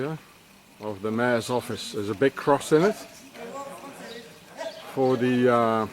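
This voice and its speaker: A man excitedly pointing things out as he walks, talking in a rambling, conspiratorial way outdoors. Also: medium pitch, a little hiss or hum, rough recording. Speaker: vlogger. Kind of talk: rambling walking commentary.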